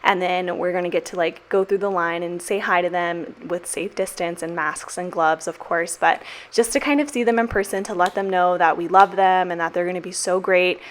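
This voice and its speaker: A young woman, a teacher, narrating a casual voiceover from her kitchen with frequent fillers, warm and emotional. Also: fairly low pitch, steady tone, moderate pace, few pauses. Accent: American. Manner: chatty, emotional, many fillers and "like". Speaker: teacher and planner vlogger. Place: home kitchen.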